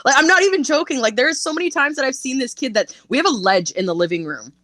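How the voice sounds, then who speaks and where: A young woman chatting as a podcast guest, telling stories in an animated way, laughing often and swearing freely. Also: sits high, fast, no room sound. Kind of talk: casual interview chat.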